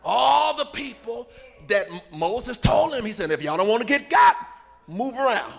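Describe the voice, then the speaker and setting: A man a sermon, shouting and half-singing his lines and calling on the congregation. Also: extremely high pitch, vocal fry. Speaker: preacher.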